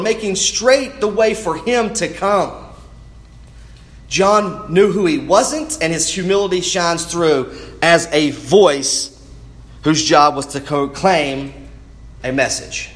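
A man's voice: sits high, slow. A man preaching a sermon in an earnest way, often restarting words as he goes. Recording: roomy echo.

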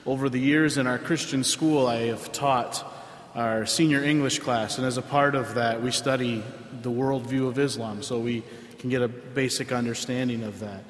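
A man, a pastor giving a sermon in a conversational way with frequent filler pauses. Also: medium pitch, steady tone, a little hiss or hum. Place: church sanctuary. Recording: roomy hall with long reverb.

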